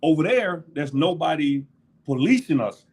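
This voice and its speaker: Talking at normal speed in a voice on the high side, a middle-aged ex-NFL linebacker guests in a casual interview, recounting locker-room stories with frequent laughter and acted-out quotes.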